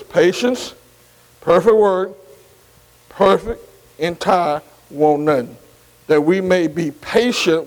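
High-voiced older preacher, call-and-response. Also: male voice, a little mellow, low-quality recording. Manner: repetitive call-and-response, many "see" and "amen" asides. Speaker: pastor. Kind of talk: bible study sermon.

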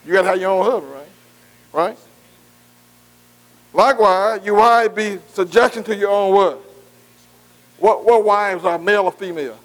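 A man's voice: high-pitched, normal speed, pauses often, low-quality recording. A man preaching a sermon as pastor, in a call-and-response style that keeps quizzing the congregation and asking "amen". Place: church.

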